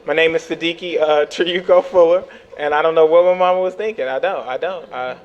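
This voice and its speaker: A man from Texas doing a stand-up set on a club stage, telling animated stories and acting out the voices. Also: fairly high pitch, fairly quick, highs cut off. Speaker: stand-up comedian. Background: audience laughter.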